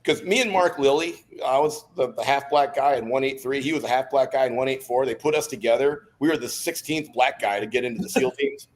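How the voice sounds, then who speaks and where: A man in his fifties tells his life story as a podcast guest. He speaks at a middling pitch in a relaxed, casual way and breaks into laughter between anecdotes. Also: brisk, hardly any pauses, a little hiss or hum. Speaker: podcast guest, former Navy SEAL.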